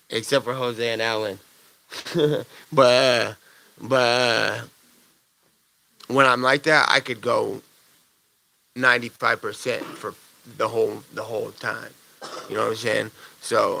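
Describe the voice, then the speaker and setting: A man's voice: mid-range voice, vocal fry, sharp tone, dry recording. A man, a fighter, answering press conference questions in a blunt, profane, rambling way.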